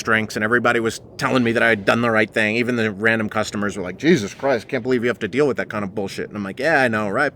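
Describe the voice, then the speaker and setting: A man in his forties hosting a podcast, telling a story in a casual, profane, animated way and acting out the other people's voices. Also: medium pitch, a little hiss or hum. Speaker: podcast host.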